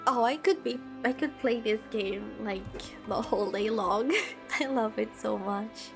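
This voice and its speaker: A chatty woman streamer talks casually while playing, often giggling. Her voice sits fairly high and she speaks into a desk microphone. Music plays clearly behind her. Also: a little slow. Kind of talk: casual gameplay chat.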